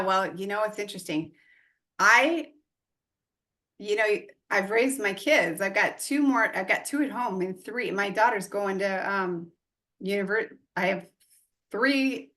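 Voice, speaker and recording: A woman in her forties chatting on an interview podcast, her voice pitched in the middle range. She tells stories with energy and acts out the dialogue of the people in them. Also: a little slow. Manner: animated, acts out quoted dialogue. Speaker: guest real estate investor and coach. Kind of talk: casual interview storytelling.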